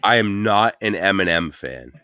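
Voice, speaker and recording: A man's voice: sits low, animated, normal speed, bright, forceful tone, clear, resonant tone, dry recording, studio quality. A man in his thirties hosting a podcast, telling stories in loose casual chat, swearing freely and filling gaps with "like" and "you know". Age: 30s. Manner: loose, profane storytelling with many fillers. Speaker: podcast host.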